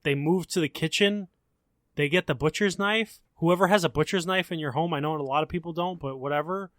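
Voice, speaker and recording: A man's voice: fairly high pitch, a little fast, fairly bright tone, no room sound, clean studio sound. A man co-hosting a podcast, laid-back and joking in casual slangy chat. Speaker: podcast co-host.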